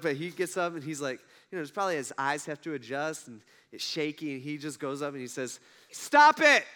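A man's voice: a little high, a bit bright. A man giving a casual storytelling sermon, retelling stories in a conversational way and acting out the quotes. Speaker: preacher.

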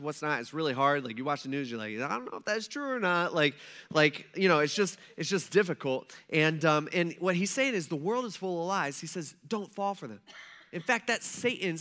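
A young man preaching a casual, conversational sermon who acts out the quotes and keeps checking in with his listeners. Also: on the high side. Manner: animated, acts out quotes, frequent "right?" and "like". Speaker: pastor.

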